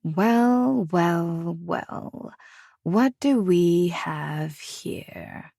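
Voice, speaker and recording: A woman's voice: lowish voice, lively intonation, extremely slow, vocal fry, dark tone, no room sound, studio quality, heavily acted. A woman voicing a cold, sneering, wealthy middle-aged wife in an audiobook, with a mocking, scornful drawl.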